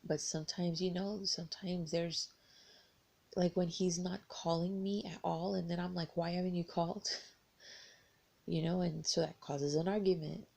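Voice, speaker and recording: A woman's voice: on the low side, fairly even intonation, a little slow, vocal fry, darkish tone, slightly rough. A young American woman telling a personal story to her tarot audience in a rambling, hesitant way with many restarts. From United States. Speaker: tarot vlogger.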